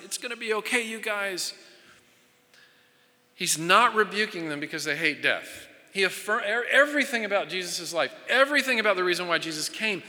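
A man preaches with an earnest, searching manner, circling back over his phrases as he builds a point. His voice is bright and ringing, a little higher than most men's. It rings out through a large hall with a long, trailing reverb. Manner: earnest preaching with frequent repetitions and restarts. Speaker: pastor. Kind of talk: sermon.

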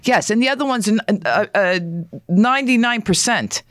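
A woman's voice: on the high side, expressive, moderate pace, a bit bright, no room sound, studio quality. A middle-aged American woman in casual chat, talking in a heated, indignant way with many restarts. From United States.

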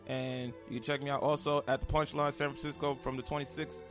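A man from New York, a comedian guest on a podcast in a hotel room, talking in a laid-back, low-key way. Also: level tone, fairly quick, music in the background. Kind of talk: casual podcast conversation.

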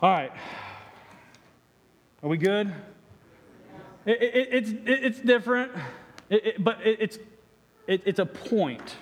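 A man's voice: sits high, lively intonation, slow, pauses often. A man preaching a sermon as pastor, stumbling through many restarts and acting out voices. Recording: echoey hall reverb.

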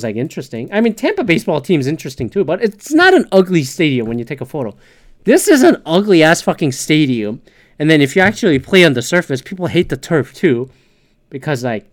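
A man in his thirties hosting a podcast, ranting casually and profanely in an animated way. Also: on the high side, no echo, studio quality. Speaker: podcast host. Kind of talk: casual monologue.

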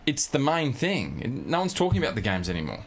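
A man's voice: mid-range voice, huge pitch swings, a little fast. An Australian man co-hosting a podcast, chatting casually and bluntly about football, rambling and swearing freely. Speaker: podcast co-host. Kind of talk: casual sports chat.

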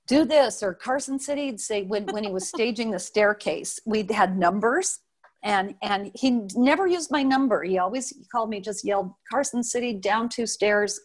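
An older Nevada woman with a mid-range voice, who used to dance as a showgirl, shares memories in an interview. She's a spirited raconteur, voicing the quotes herself and regularly restarting her sentences.

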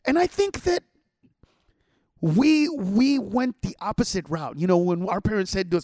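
A man's voice: high voice, normal speed, no echo, clean studio sound. A man who is a stand-up comedian, ranting in casual podcast chat, full of swearing. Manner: profane, animated ranting.

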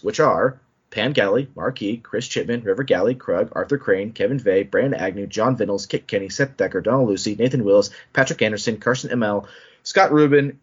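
A man's voice: lowish voice, slightly rough. Man hosting a podcast, muffled lo-fi sound. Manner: animated, quick asides and laughing restarts. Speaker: podcast host. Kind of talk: casual podcast chat. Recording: muffled lo-fi audio.

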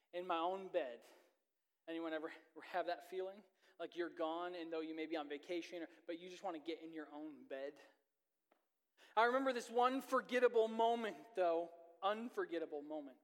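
Male pastor with a high voice, earnest storytelling sermon, church reverb. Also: clean tone. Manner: earnest storytelling, with sudden swings of pace. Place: church sanctuary. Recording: long reverb of a church hall.

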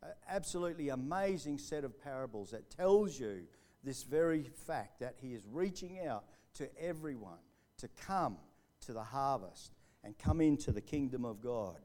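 A man preaching a sermon live in church, building to fervent emphasis and then dropping to a hushed storytelling voice. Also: medium pitch, expressive, moderate pace. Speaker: pastor. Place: church hall, recorded live.

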